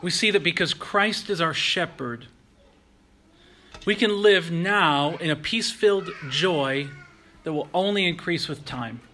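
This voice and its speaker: A man preaching a sermon in an earnest, measured way, slowing down and pausing to stress key phrases. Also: on the high side, pushed and bright, slight background noise. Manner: earnest, measured preaching with slow emphatic pauses. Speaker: pastor.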